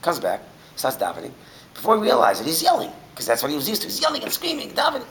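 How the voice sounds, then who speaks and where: A man teaching a Torah class, telling stories in an animated way that swings from shouting to a near whisper. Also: sits high, quick pace, creaky, a little hiss or hum, rough recording.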